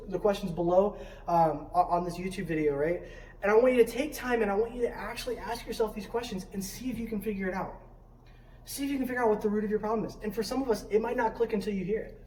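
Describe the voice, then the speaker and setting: In a church sanctuary, a student ministry leader with a slightly mellow, medium-pitched voice gives a youth sermon in conversational style. The speaker asks many questions and often says "right?"; the sound is roomy and distant, with faint noise.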